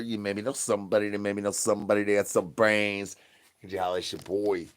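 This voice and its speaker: A man doing a crude, rambling comedy rant, chanting catchphrases over and over and swinging from mumbled asides to loud bursts. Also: fairly low pitch. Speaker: comedy streamer.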